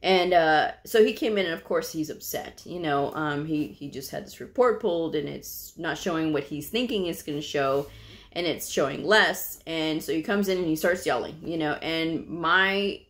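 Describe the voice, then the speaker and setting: A woman with a fairly low-pitched voice tells a story about her job. She talks casually and drifts into fillers and asides. She sounds relaxed and conversational, like a vlogger chatting to her viewers. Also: moderate pace. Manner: laughs while telling the story. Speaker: medical coding vlogger.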